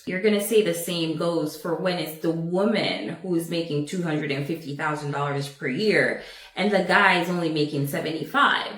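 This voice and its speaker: A woman's voice: sits low, normal speed, a bit bright, roomy sound. A woman challenging a point in a questioning way.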